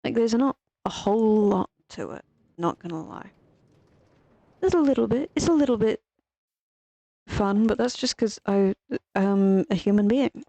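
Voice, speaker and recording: Irish woman streamer, unhurried rambling gamer chat with a mellow tone and the odd swear. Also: medium pitch, no echo, poor audio. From Ireland. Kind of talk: casual gaming chat.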